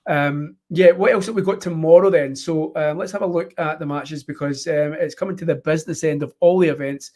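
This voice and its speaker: A man's voice: on the high side, brisk, few pauses, darkish tone. A man hosting a casual live-stream chat, rambling with many ums and fillers. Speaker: host.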